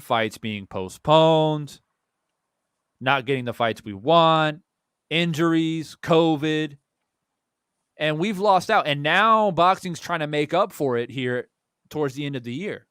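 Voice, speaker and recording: Young guy hosting a boxing chat, slightly high voice, dry close mic, swears and restarts a lot. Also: no room sound. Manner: animated storytelling with many restarts and repeated words; blunt with casual swearing. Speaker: boxing show host. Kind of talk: casual chat.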